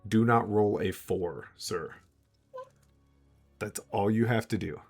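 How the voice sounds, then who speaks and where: A man's voice: on the low side, slow, a little mellow, soft background music. A man running a tabletop game as game master, rambling and laughing often.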